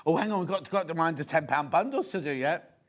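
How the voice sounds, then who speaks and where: Quick and fairly high, this man's voice has lively intonation and a slightly bright quality. Working as a shopping channel presenter in a TV studio, he shows fabrics on a live selling show, chatting and gossiping with gusto.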